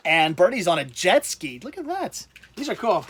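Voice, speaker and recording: A man's voice: high-pitched, a bit bright, a little hiss or hum. A man hosting a casual livestream who rambles, loses his thread and restarts, and laughs easily. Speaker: livestream host.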